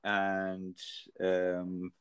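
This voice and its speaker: A man's voice: low voice, monotone, extremely slow, clear, resonant tone, muffled recording. A young Irish man hosting a podcast over a video call, rambling with lots of fillers and frequent laughter. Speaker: podcast host. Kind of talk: casual chat.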